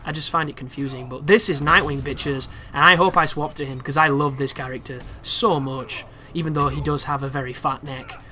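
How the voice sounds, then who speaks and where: A young man giving casual, chatty commentary over a video game walkthrough, excitable and swearing freely. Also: fairly high pitch, fairly quick, few pauses. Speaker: gameplay commentator.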